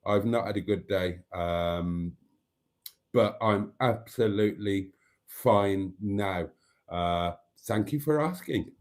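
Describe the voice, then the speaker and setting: A man's voice: on the low side, slow pace. A man hosting a casual live stream, reading out viewer comments and greeting viewers by name. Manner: chatty, reads viewer comments aloud and greets them.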